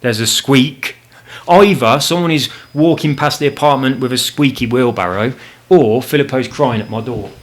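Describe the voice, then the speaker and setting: A man's voice: mid-range voice, moderate pace. Rambling man with frequent swearing. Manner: rambling, swears freely, frustrated. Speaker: gaming channel host. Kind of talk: casual chat over gameplay. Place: home apartment.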